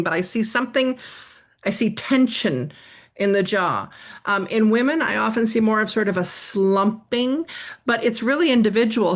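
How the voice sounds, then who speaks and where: A middle-aged woman answering interview questions on workplace stress, telling stories and acting out quoted lines. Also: medium pitch. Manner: animated storyteller, acts out quotes. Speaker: guest expert on workplace stress.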